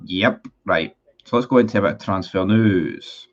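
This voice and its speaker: A man's voice: low voice, moderate pace, dull audio. A man in a casual livestream, reading out viewer comments and answering them in a blunt, sweary, sarcastic way. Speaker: football fan streamer.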